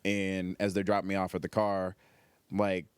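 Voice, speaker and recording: Low-voiced man telling a rambling, profane story. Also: completely flat delivery, normal speed, smooth, dry recording. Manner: loose, profane storytelling with lots of filler. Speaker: stand-up comedian guest. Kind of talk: casual storytelling.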